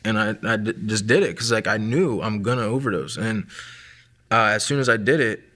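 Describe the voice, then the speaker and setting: This Maryland guest, a man in his late twenties, recounts his testimony in a loose, offhand way, packed with "like," filler words, and sentences he starts over. His voice sits on the low side with a slightly bright edge, and he speaks fairly quickly.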